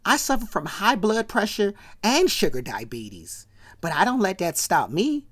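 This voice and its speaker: A woman voicing a brassy, defiant older sitcom matriarch in a lower, softer voice that turns into loud scolding. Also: big pitch swings, a little slow.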